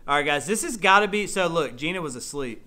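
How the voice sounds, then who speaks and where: A man, chatting excitedly as he shows off his finds in a casual vlog. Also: on the high side, fast. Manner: excitable, chatty, says y'all. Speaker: storage unit reseller vlogger. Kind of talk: casual show-and-tell vlog.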